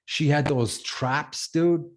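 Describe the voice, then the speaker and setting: A man's voice: on the high side, takes it slowly. A man hosting a casual podcast chat, enthusiastic, swearing freely as he leads the rundown. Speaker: podcast host.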